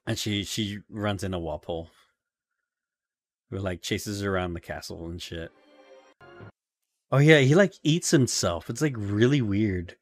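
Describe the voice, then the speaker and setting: A man with a lowish voice chats loosely as a podcast co-host, rambling through a recap with frequent filler words and quick laughs. His voice sits close and dry, with no room sound around it. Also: no echo, soft background music. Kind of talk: casual recap chat.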